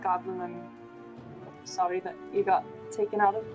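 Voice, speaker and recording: A woman's voice: fairly low pitch, flat delivery, normal speed, music in the background, low-quality recording. A woman player in a tabletop role-play, speaking hesitantly and apologetically.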